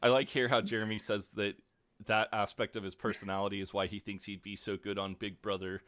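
Easygoing male podcast co-host, low voice, relaxed chat. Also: fairly quick, dry recording. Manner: easygoing, laughs readily. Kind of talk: casual chat recapping a TV episode.

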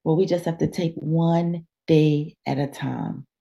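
Woman life coach, interview guest; low, gravelly, dark timbre; animated, preacher-like delivery. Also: unhurried, dull audio. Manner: animated, preacherly, acts out inner dialogue. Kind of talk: conversational interview.

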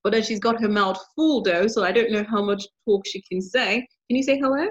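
On her podcast, a friendly woman talks to her listeners directly in a casual, chatty conversation, with a medium-pitched voice and a fairly quick pace. The recording has a dull, lo-fi quality.

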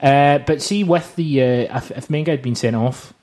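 A man's voice: medium pitch, normal speed, a little mellow, slight background noise. A man hosting a casual podcast chat, sweary and teasing, given to bursts of mock outrage. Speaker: podcast host.

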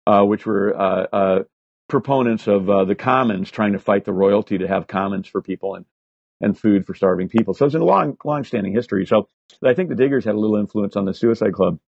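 A man in his sixties, a guest on an interview, telling animated, profane stories full of fillers. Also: on the low side, fairly quick, creaky, no echo. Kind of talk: casual storytelling interview. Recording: slightly dull lo-fi audio.

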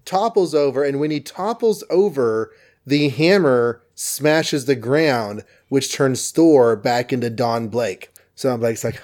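A man casually recapping a comic book story in an animated, rambling way. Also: mid-range voice, takes it slowly.

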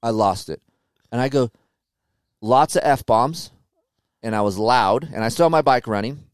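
A man telling a racing story on a podcast, animated and profane, loudly acting out quotes. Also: mid-range voice, measured pace, clear, resonant tone, dry recording, studio quality. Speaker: guest, motocross racer.

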